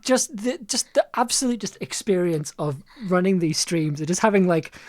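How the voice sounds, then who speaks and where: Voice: mid-range voice, animated, normal speed, dry recording. A team member giving wry, laughing commentary in casual chat on a live stream.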